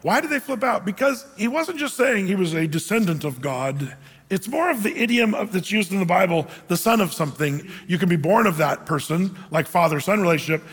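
High-voiced pastor preaching in an echoing church. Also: male voice, animated, brisk, a bit bright, husky. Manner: conversational and joking, asks rhetorical questions. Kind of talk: sermon. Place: church stage. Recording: long reverb of a church hall.

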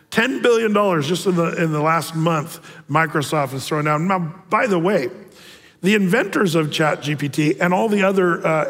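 A man's voice: fairly high pitch, a bit bright, big-room sound. A man giving a casual, digressive sermon as a pastor, with joking asides. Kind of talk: casual prophecy-update sermon.

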